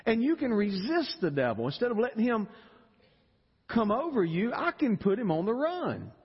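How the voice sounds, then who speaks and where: A husky-voiced man preaches with wide swings of pitch, now rising high with feeling, now dropping low and quiet. His voice rings out through a large church with a long reverb, and the sound is dull and muffled. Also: normal speed. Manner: animated, emotional, repeats words when stirred. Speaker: pastor. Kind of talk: sermon. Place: church sanctuary.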